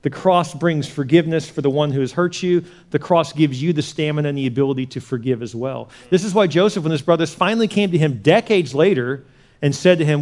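A man preaching a sermon as pastor, talking conversationally and repeating words as he goes from quiet asides to animated retellings. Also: on the high side, fairly quick.

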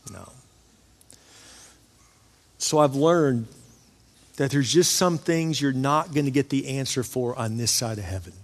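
A man's voice: mid-range voice, unhurried, long pauses. A man who is a pastor, preaching a sermon and telling a personal story with rising emotional intensity. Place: church auditorium. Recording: long hall reverb of a church.

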